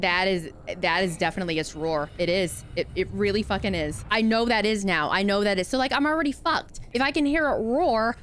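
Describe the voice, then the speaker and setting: A young woman talks through her own game at home, her pitch in the middle of the range. Her voice jumps and dips all over as she frets and curses to herself. A faint hiss sits under the recording. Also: a bit bright. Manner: jittery, anxious and swearing, talking to herself. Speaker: gaming video creator. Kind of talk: live gameplay commentary.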